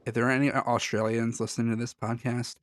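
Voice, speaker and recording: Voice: mid-range voice, flat delivery, fast, dry recording, studio quality. A podcast co-host in casual chat, rambling and cutting in on himself, laughing often.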